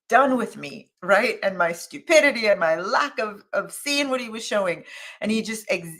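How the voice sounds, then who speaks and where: A woman coach on a live morning show, telling a story in a casual, thinking-aloud way with fillers and restarts, and jumping into a high, animated voice when she quotes others. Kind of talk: live motivational talk.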